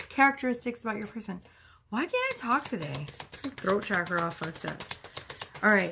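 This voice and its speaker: A woman's voice: mid-range voice, creaky, very noisy. A woman reading tarot cards in a casual vlog, chatty and laughing often, swearing freely, a bit out of breath. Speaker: tarot reader. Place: at home.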